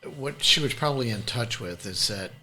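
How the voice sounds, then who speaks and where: A man's voice: mid-range voice, expressive, normal speed, bright, forceful tone, slight background noise. A man hosting an interview podcast who answers with short affirmations and explains business points. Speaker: podcast host.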